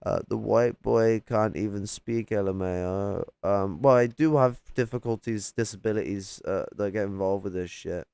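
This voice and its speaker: A man's voice: fairly low pitch, moderate pace, vocal fry, few pauses, dark tone, clear, resonant tone, no room sound. A man in a heated, profane livestream rant, mocking and arguing with chat. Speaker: livestream host.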